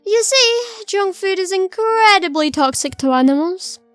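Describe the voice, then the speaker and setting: A woman puts on a stern teacher making an announcement to her class. She lectures in a very high, pointed voice. The read is dry and close, with music faint in the background. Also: animated, a little slow, no room sound.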